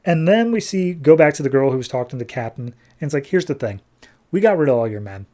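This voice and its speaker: A man's voice: mid-range voice, lively intonation, quick pace, mellow. A man hosting a podcast, casually retelling a comic book plot and paraphrasing the characters with lots of "he's like". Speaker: podcast host.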